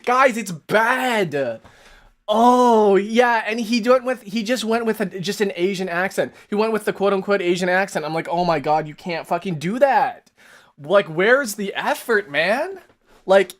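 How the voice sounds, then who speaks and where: A man hosting a casual live stream, animated and exasperated, who swears often and keeps laughing mid-sentence. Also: high-pitched, unhurried. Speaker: streamer host.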